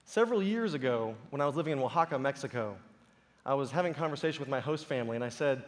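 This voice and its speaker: A man's voice: medium pitch, expressive, rapid-fire, in a large hall. A man giving a conference talk to a live audience, telling stories animatedly with playful impressions. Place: large auditorium stage.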